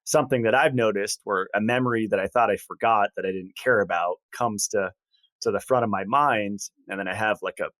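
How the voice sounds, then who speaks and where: A man hosting a podcast, responding to his guest in a relaxed and affirming way. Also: fairly low pitch, brisk, no echo. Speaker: podcast host. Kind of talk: casual podcast interview.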